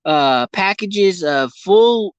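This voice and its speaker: A man's voice: high-pitched, lively intonation, very slow, smooth, no room sound, highs cut off. A man vlogging casually from inside his vehicle, rambling and ranting with constant profanity. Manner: profane, heavy swearing, ranting.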